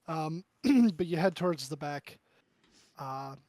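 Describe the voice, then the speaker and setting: A man running a tabletop game as game master, narrating with many pauses and throat-clearing. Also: on the high side, animated, warm tone, dry recording. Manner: halting, full of ums and throat-clearing.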